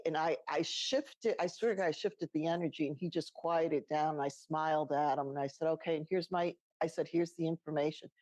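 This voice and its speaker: A middle-aged woman with a lowish voice, co-hosting and telling a personal story. She is chatty and laughs as she talks. She acts out the lines of people she quotes. The recording is dry and close. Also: a little fast, few pauses, darkish tone, dry recording. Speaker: podcast co-host. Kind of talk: casual storytelling chat.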